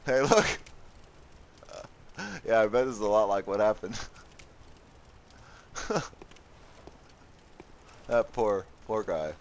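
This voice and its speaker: A man's voice: lowish voice, slow, pauses often. A man giving casual let's-play commentary, joking, laughing often and talking back to his viewers. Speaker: gaming commentator.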